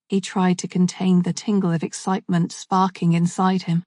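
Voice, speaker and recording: Woman narrating a dark thriller. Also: fairly low pitch, no echo, studio quality. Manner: steady, measured storytelling. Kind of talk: scripted narration.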